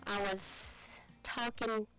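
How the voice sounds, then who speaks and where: A woman's voice: on the high side, fairly even intonation, extremely slow, music in the background, low-quality recording. A woman, co-hosting a morning radio show with cheerful, casual chat. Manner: cheerful, laughs easily. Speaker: radio co-host. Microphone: studio microphone.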